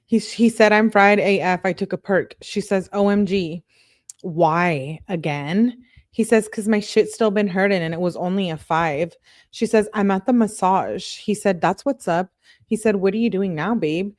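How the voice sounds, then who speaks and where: A woman's voice: medium pitch, moderate pace, darkish tone, no echo, clean studio sound. A woman true-crime YouTuber reading text messages aloud, with casual commentary in between.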